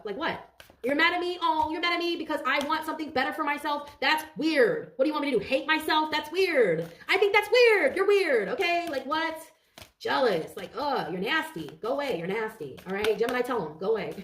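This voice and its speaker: A woman giving a casual tarot reading to her viewers, talking fast with plenty of swearing. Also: medium pitch, reverberant, far from the mic. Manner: fast, profane, animated and talkative. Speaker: tarot reader.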